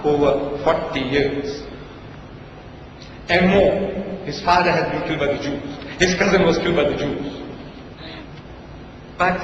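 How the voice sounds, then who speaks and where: A man's voice: a little high, slight background noise. Sarcastic man speaking in an echoey hall. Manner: sarcastic, emphatic, rhetorical questions. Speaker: debater. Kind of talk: public debate speech. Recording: distant echoey hall recording, lo-fi.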